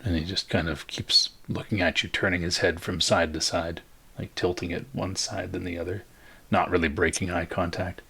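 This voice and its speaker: A man narrating a tabletop game as game master, laid-back and pausing often with fillers. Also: deep voice, level tone, vocal fry, pushed and bright, breathy edge.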